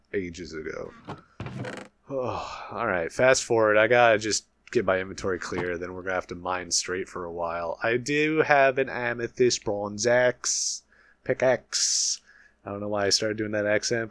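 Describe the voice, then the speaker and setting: A man's voice: on the low side, fairly bright tone, no echo. A man giving solo gameplay commentary, thinking aloud as he works out recipes, swearing and mocking himself. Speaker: gaming YouTuber. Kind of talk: solo Let's Play commentary.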